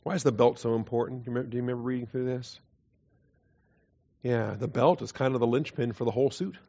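A man at mid pitch teaches a Bible doctrine class, talking casually with many fillers and soft chuckles. He keeps turning questions to his listeners. The recording sounds dull and lo-fi. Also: fairly even intonation, quick pace. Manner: conversational, hesitant fillers, quiet chuckles, quizzes the class.

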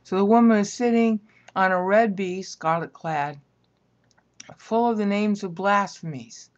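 A woman's voice: mid-range voice, measured pace. A woman teaching a Bible lecture in a conversational way, often stopping to ask "okay?". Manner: conversational, keeps checking in with "okay?". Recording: dull lo-fi recording.

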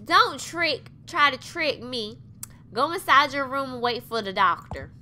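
A woman doing a stern, bossy male orderly in a game, scolding a patient in a bright, forceful voice. His pitch swings up and down as he lays down the rules. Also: animated, unhurried, a little hiss or hum, heavily acted.

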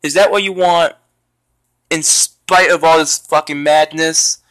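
A young man giving raging, profane commentary on his own gameplay as a YouTuber, yelling and cursing in frustration. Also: on the high side, fairly even intonation, a little slow, no echo. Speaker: gaming YouTuber.

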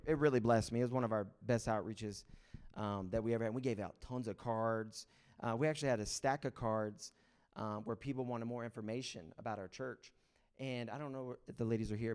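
A man, a pastor and a father, preaching a casual sermon, telling stories and acting out other people's excited lines. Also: mid-range voice, smooth. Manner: casual storytelling with excited acted-out quotes. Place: church sanctuary.

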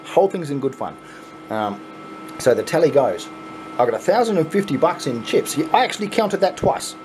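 An excitable middle-aged Australian man talks through an unboxing for his vlog in a casual, chuckly way and swears freely. His pitch swoops up and down all the time. A faint hum of room ambience sits under his voice. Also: fairly quick. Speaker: coin pusher channel host.

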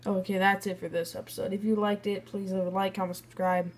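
A woman's voice: mid-range voice, flat delivery, brisk, few pauses. A young woman casually commenting on a building game and bluntly rating other players' builds. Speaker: gaming video creator.

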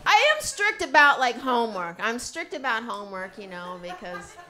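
A woman's voice: fairly high pitch, sing-song, moderate pace, noisy background. A middle-aged woman doing a stand-up comedy set, telling brash, profane stories. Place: comedy club stage.

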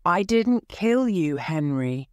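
A woman reading an audiobook voices a frightened, guilty woman in her seventies, pleading in a high, strained voice. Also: big pitch swings, slow, darkish tone, no echo. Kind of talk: audiobook character voice.

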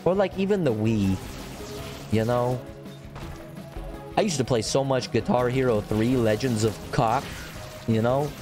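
A young man streaming a game, chatting casually and rambling with excitement, swearing and breaking into high whoops. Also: measured pace, pauses often, music in the background. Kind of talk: casual gameplay commentary.

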